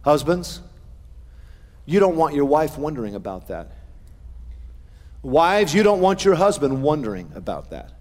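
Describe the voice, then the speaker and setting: Middle-aged guy preaching, kinda high voice, big echoey church hall. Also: sing-song, measured pace, pauses often, a little mellow. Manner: earnest preaching with folksy humor, varied emphasis. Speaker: pastor. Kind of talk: sermon.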